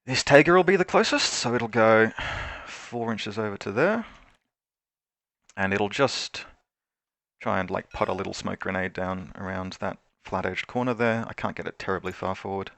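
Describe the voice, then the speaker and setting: A man narrates his tabletop wargame turn over a call, weighing each move aloud and changing his mind as he goes. His voice sits low with a gravelly rasp. The sound is dry and close. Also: animated, moderate pace, a bit bright, no room sound. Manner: thinks aloud through moves, hedging and self-correcting. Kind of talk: casual game commentary. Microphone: remote call.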